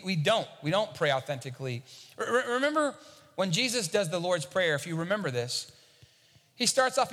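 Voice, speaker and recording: A man's voice: high voice, a bit bright, in a large hall. A man preaching a sermon as a pastor, talking conversationally and often repeating a word as he starts a thought.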